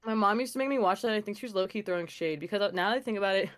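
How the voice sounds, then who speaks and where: A young woman co-hosting a casual podcast, talking in an animated, slangy way and laughing often. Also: medium pitch, very fast. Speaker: podcast co-host. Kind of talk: casual chat. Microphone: video call.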